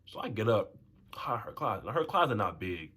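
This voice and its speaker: A young man tells a story in a casual storytime vlog, animated and slangy. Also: fairly quick, husky. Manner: animated, swings to high voices for quotes. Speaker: storyteller vlogger.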